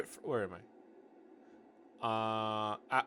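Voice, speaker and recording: In a mid-range, slightly bright voice at normal speed, a man reads his novel aloud with running asides. He keeps it loose and jokey, frequently stopping to tease and dispute his own text and correct himself, over slight background noise.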